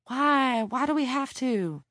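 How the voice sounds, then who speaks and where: A woman's voice: high voice, expressive, slow pace, a bit bright, dry recording, clean studio sound, pitched above the performer's own voice, exaggerated voice. A woman narrator voicing a tired young woman who complains in a whiny, childlike way. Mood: puzzled.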